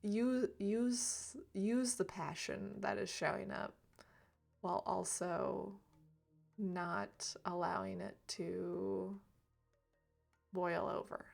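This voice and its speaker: A woman speaking gently and reflectively on a livestream about emotions, laughing lightly now and then. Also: mid-range voice, steady tone, slow pace, vocal fry, faint music behind. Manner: soft, reflective, laughs lightly, drops to near whisper at times. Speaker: reiki streamer. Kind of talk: gentle spiritual talk on a livestream.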